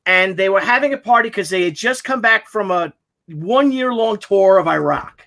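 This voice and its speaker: High-voiced rambling male storyteller. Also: normal speed. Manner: rambling, animated storyteller with many restarts; swears freely. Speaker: podcast co-host. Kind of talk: casual chat storytelling. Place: home, on a video call.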